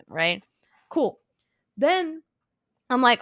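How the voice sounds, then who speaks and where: A woman telling a story in casual chat, animated and acting out both sides. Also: a little high, a little fast, dry recording, clean studio sound. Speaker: podcast co-host.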